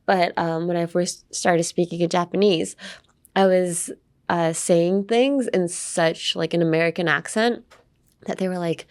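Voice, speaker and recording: A young native English-speaking woman hosts a casual podcast lesson on English pronunciation, her voice low-leaning, steady, and a little slow. She chats playfully and repeats words over and over to show how they sound.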